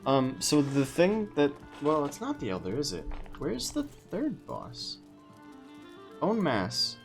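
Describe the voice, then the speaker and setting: A man's voice: a little high, wildly swooping pitch, slow pace, faint music behind. A man hosting a gaming livestream, chatting casually and joking around with a friend. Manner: joking, playful. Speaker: livestream host.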